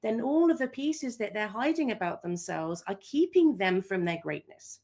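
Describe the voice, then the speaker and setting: A middle-aged woman coach in a podcast interview, telling stories with animated voices for her own quotes. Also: mid-range voice, normal speed.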